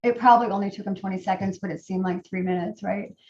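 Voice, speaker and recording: A middle-aged woman telling a personal story to a group, in a halting way with many fillers and restarts. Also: mid-range voice, steady tone, a little mellow, slight background noise. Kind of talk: personal testimony talk. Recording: roomy, distant, dull sound.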